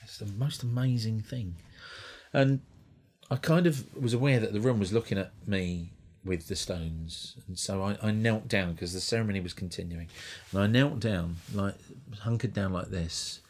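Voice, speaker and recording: A man's voice: on the low side, normal speed, a little mellow. A male stand-up comedian telling a rambling, profane anecdote on a comedy club stage, with lots of restarts. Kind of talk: stand-up storytelling.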